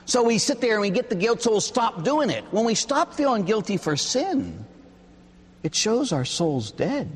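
A man, a Catholic priest, preaching a sermon with animated, emphatic storytelling. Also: high-pitched, moderate pace, breathy edge, big-room sound.

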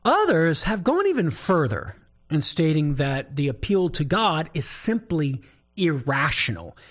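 A man from southern Louisiana with a Cajun accent, hosting a talk show as a Catholic apologist and telling a joke with animated delivery. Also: fairly high pitch, a little slow. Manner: animated storyteller, chuckles often. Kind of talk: scripted talk-show commentary.

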